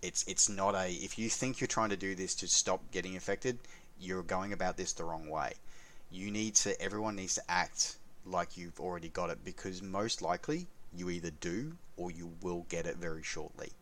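A man's voice: deep voice, normal speed, fairly bright tone, recorded from a distance. A man co-hosting a podcast in casual chat, making earnest, emphatic appeals to listeners. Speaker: podcast co-host.

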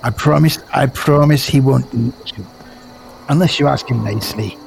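A man's voice: medium pitch, moderate pace, gravelly, a little mellow, a little hiss or hum. A man voicing an easygoing, blunt male adventurer who teases and swears offhandedly, in tabletop role-play. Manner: casual, teasing, swears offhandedly.

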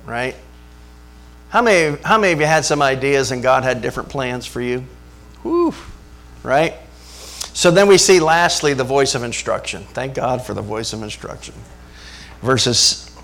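A man preaching a sermon, animated and asking the congregation rhetorical questions. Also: medium pitch. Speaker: pastor.

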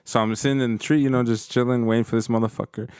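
A man's voice: medium pitch, steady tone, very fast, darkish tone, clear, resonant tone, no room sound, studio quality. Laid-back, profane guy telling a story. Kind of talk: casual storytelling among friends.

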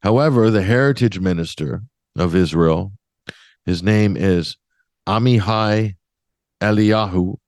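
A man's voice: on the low side, unhurried, long pauses, a little mellow, dry recording, studio quality. A man hosting a radio talk show, giving opinionated commentary in a sardonic, emphatic way with mocking asides.

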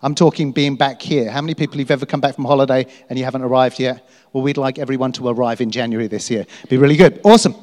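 A man's voice: medium pitch, steady tone, fast, darkish tone. A man making upbeat church announcements and asking the congregation questions. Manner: upbeat, enthusiastic, asks the crowd questions. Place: large church hall. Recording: long hall reverb.

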